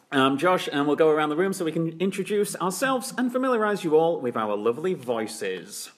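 A man's voice: fairly high pitch, big pitch swings, brisk. A man hosting a casual comedy podcast, chatty and laughing often. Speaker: podcast host.

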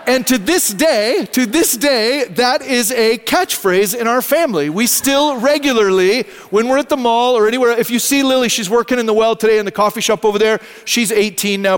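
A man, preaching a sermon in a church and telling a family story in an animated, conversational way. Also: high voice, normal speed, clean tone. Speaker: pastor. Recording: long reverb of a church hall.

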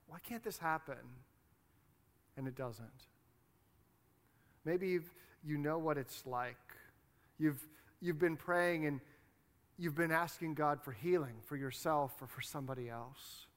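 A man's voice: fairly high pitch, unhurried. A man with a Midwestern American accent preaching a sermon in a conversational, playful way. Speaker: pastor.

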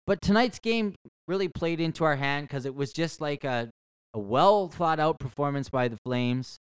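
A man co-hosting a casual sports podcast, bantering in a relaxed way on a close mic. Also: on the high side, normal speed, smooth, no room sound. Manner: relaxed banter, rising to an energetic sign-off. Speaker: podcast co-host.

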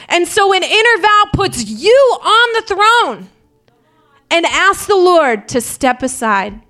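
A woman pastor delivers a sermon in a very high, bright voice. She speaks candidly and builds to fervent, impassioned prayer, with music playing softly behind her. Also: sing-song, takes it slowly.

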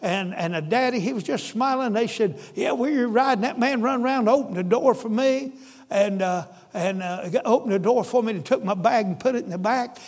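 An older man preaching a storytelling sermon, folksy, moving between loud shouting and hushed pleading. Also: high voice, a little fast, in a large hall.

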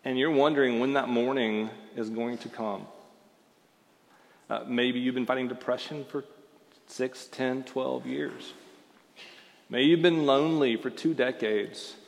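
A man's voice: mid-range voice, fairly even intonation, a little slow, vocal fry, long pauses. Conversational male pastor preaching in a hall. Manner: conversational, with frequent fillers and restarts. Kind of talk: sermon.

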